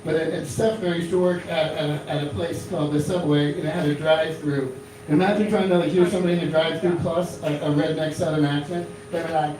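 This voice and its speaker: A man's voice: on the high side, steady tone, fast talker, hardly any pauses, darkish tone, slight background noise. A man in his thirties from Florida doing a rambling stand-up comedy set in a small club, full of fillers and restarts. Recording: echoey club from a distant mic.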